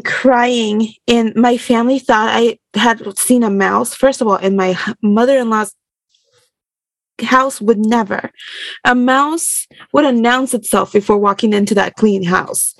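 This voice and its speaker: Woman, gravelly fry, dry close sound, animated rambling storyteller, lots of fillers. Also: on the high side, unhurried, dry recording. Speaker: guest; burlesque performer. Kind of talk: casual storytelling.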